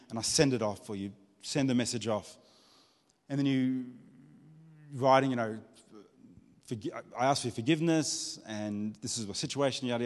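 A man giving a sermon in an earnest, conversational way, often repeating words as he builds toward a point. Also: medium pitch. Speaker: preacher. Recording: reverberant hall.

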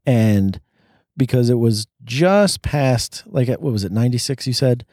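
A man in casual conversation reviewing a film, relaxed and opinionated, with lots of fillers. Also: mid-range voice, measured pace, no echo, clean studio sound. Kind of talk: casual movie review chat.

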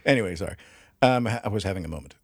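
A man's voice: sits low, animated, racing, husky, no room sound, studio quality. A man co-hosting a casual history podcast, joking and swearing as he explains. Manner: profane, jokey, laughs often. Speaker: podcast co-host.

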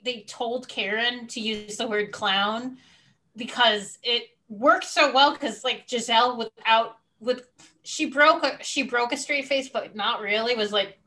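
A woman's voice: on the high side, animated, measured pace, sharp tone, slight background noise, poor audio. A woman casually discussing reality TV, thoughtful and a bit hesitant with many fillers. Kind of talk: casual chat recapping reality TV.

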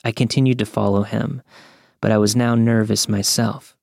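A young man calmly narrating a true scary story from a script. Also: on the low side, gravelly, no room sound, studio quality. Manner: calm, measured storytelling.

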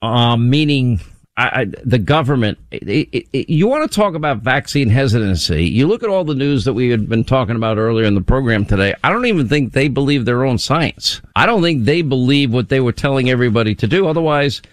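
Brisk, emphatic male radio host in a dry studio. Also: mid-range voice, expressive, no echo. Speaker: radio talk show host. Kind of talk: opinionated talk radio commentary. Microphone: studio microphone.

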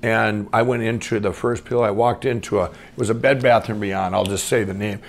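A middle-aged man from Minnesota telling his own life story off the cuff, rambling with many restarts and swinging between excited and hushed. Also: fairly low pitch, fairly quick, gravelly. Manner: rambling, full of restarts and "I'm going". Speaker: guest storyteller. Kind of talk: unscripted personal storytelling.

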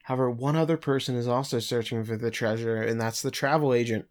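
A man's voice: mid-range voice, fairly even intonation, fast talker. Chatty man recapping an episode. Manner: chatty, loose, with filler words. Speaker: podcast co-host. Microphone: remote call mic.

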